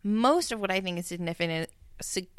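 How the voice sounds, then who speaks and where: A woman co-hosting a casual TV recap podcast, opinionated and animated, acting out characters' lines in paraphrase. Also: medium pitch, moderate pace, clear, resonant tone, no room sound. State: tipsy from drinking. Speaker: podcast co-host.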